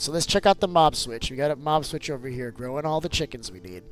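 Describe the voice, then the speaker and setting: A man hosting a casual gameplay video, animated and teasing, who keeps calling his child "bud" and breaks into loud bursts of excitement. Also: mid-range voice, fast talker, hardly any pauses, faint music behind. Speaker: gaming channel host and father.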